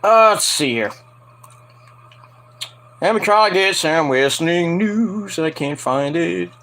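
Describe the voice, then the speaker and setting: Male podcast host, rambling and jokey, high voice that jumps all over. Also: animated, slow. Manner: rambling and jokey, with loud outbursts. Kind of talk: casual live-watch podcast chat.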